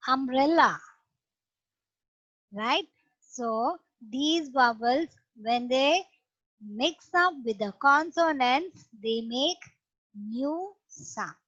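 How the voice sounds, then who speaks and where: A woman teaching a young class online, explaining slowly and patiently step by step. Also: high voice, lively intonation, fairly bright tone, no echo. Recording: dull lo-fi online class audio.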